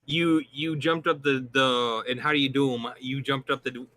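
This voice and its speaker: A man chatting casually with a friend on a stream, telling stories in a dry, deadpan way. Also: mid-range voice, normal speed, slight background noise. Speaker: streamer co-host.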